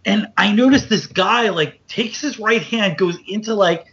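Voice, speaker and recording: A man tells stories on his podcast in a rambling, animated way, jumping up in pitch whenever he acts out what someone said. His voice sits a little high for a man. The recording is dull and lo-fi. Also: a little slow. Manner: animated, loose storyteller, acts out quotes with big jumps up in pitch. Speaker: podcast host. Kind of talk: casual storytelling chat.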